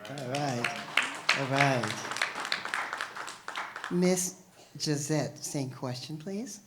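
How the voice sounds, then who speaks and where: A woman's voice: very deep voice, extremely slow, a loud crowd. A woman moderating a live podcast panel at a university, giving brief upbeat prompts to each speaker. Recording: noisy live recording.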